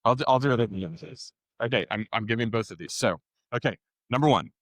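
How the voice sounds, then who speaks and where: Male host, joking emcee energy, mid pitch, dry close mic. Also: fast, a bit bright, dry recording. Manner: playful, joking, upbeat. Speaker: podcast host. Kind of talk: emceeing a live audience. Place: conference session room.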